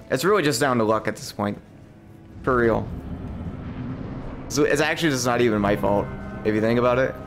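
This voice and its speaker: A young man streaming gameplay, commenting live with lots of swearing and sudden high-pitched outbursts of frustration. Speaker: game streamer.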